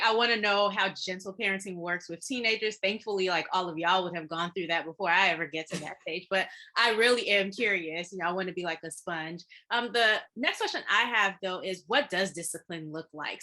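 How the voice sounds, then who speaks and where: A woman's voice: mid-range voice, bright, forceful tone. A woman hosting a podcast, asking curious questions in a casual chat and laughing along. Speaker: podcast host.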